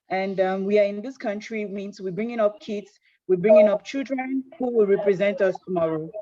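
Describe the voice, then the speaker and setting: A woman joining a discussion over a video call, polite and measured. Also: mid-range voice, warm tone. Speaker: audience participant. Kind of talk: casual contribution to discussion. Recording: dull lo-fi call audio.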